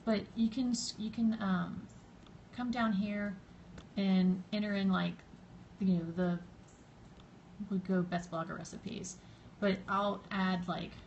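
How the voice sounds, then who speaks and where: A woman's voice: mid-range voice, fairly even intonation, takes it slowly, creaky, long pauses, a little mellow, lo-fi sound, slight background noise. A woman with a Southern US accent hosting a casual live-stream tutorial, chatty and rambling with many fillers, greeting viewers by name as they drop in. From Southern United States. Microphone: phone camera.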